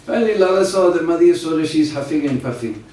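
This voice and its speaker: Man preacher, story sermon, higher voice, very echoey and distant. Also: fast, noisy background. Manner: animated storytelling with asides to listeners. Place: large indoor hall at a summer camp. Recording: echoey hall from far off, faint ambience.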